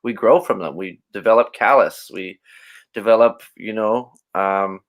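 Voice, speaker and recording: A man's voice: on the low side, a little slow. A man speaking as a podcast guest, reflective and open, often restarting his sentences. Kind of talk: casual interview chat.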